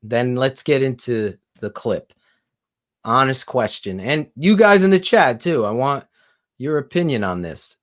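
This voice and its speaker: A man co-hosting a casual sports talk stream, excitable and profane, his voice climbing as he gets heated. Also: mid-range voice, a little slow. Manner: excitable, swearing, voice rising when heated. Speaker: co-host.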